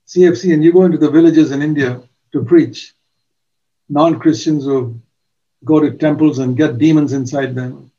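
An older man preaches in earnest, slowing down and pausing to press his points home. His voice sits a little high but sounds mellow and soft-edged. The recording is dull and lo-fi. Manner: earnest testimony, slow emphatic pauses. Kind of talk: sermon.

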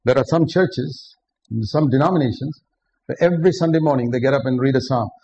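A man's voice: medium pitch, brisk, vocal fry, mellow. A man preaching a sermon, earnest and direct, often putting questions to the listeners. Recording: dull lo-fi recording with faint background noise.

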